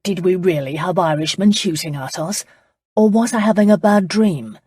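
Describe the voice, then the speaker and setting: A woman's voice: fairly low pitch, normal speed, a little mellow, breathy edge, no room sound. A woman doing an arrogant, commanding duke. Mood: imperious. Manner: commanding, dry and sardonic. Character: arrogant impatient young duke, man.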